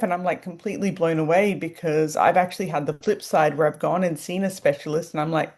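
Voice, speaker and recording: Woman, podcast co-host, lower pitch, chatty and rambling. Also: fairly even intonation, a little mellow. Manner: chatty, drawn-out anecdotes with many fillers. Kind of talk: casual group chat.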